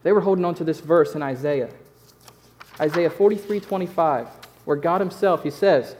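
Male pastor delivering a sermon: casual, emphatic, repeats phrases, slightly raised pitch. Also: moderate pace, a little mellow.

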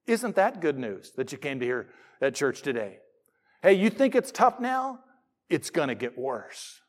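A man's voice: on the high side, measured pace. A middle-aged man preaching a sermon in church, mixing jokes with scripture readings. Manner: animated, jokey preacher who reads scripture aloud. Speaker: pastor.

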